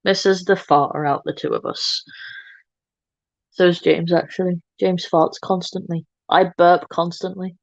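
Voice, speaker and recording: A woman's voice: on the low side, fairly even intonation, unhurried, gravelly, no room sound, highs cut off. A woman hosting a makeup livestream, chatting casually and teasing herself in playful banter as she works. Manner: playful, self-mocking banter. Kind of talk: casual chat while doing makeup live.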